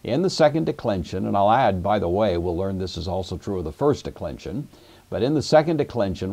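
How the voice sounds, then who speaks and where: A man's voice: lowish voice, sing-song, a little fast, darkish tone, husky. A man teaching a Greek grammar lesson, explaining patiently and methodically with occasional fillers. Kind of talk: classroom grammar lecture.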